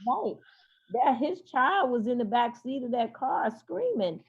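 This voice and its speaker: Halting woman therapist, dull lo-fi sound. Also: high-pitched, very animated, breathy edge. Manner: hesitant, many fillers and restarts. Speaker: therapist guest. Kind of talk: interview talk.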